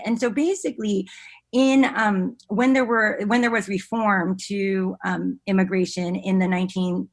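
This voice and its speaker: A woman, an education researcher, explaining her work as a podcast guest, earnestly and often checking in with "right?". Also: medium pitch.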